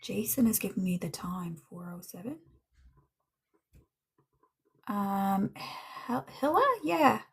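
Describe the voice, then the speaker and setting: A woman doing a casual livestream tarot reading, chatting to viewers and dropping into soft muttered asides. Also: mid-range voice, sing-song, slow, vocal fry, pauses often, husky. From Newfoundland, Canada. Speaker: tarot reader and medium.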